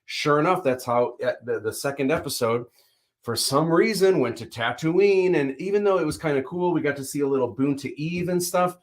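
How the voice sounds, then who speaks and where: A man's voice: on the high side, normal speed. Chatty man rambling about a show. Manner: rambling, animated opinions with many fillers. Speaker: livestream host. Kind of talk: casual chat.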